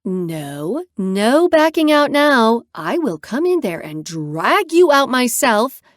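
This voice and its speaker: A woman's voice: on the high side, sing-song, slow, dry recording, studio quality. A woman voicing a pushy young female friend with a bossy, teasing manner, in a storybook reading.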